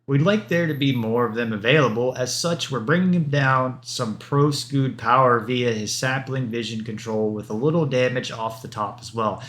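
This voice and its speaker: A man's voice: mid-range voice, normal speed, few pauses, a bit bright. A man streaming live, reading game patch notes aloud, rattling off lists of numbers and drifting into offhand asides.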